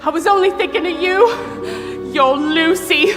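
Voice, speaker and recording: Brief: woman playing a wheedling, lovesick shopkeeper, very high voice, live theatre audio with hall reverb and music. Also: measured pace. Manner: pleading, wheedling, half sung. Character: scheming, devoted female pie-shop owner. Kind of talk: stage musical acting and singing.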